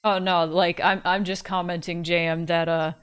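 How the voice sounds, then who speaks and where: A woman's voice: on the low side, little pitch movement, moderate pace, smooth. A woman co-host making casual, self-deprecating asides while reading along. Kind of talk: casual chat.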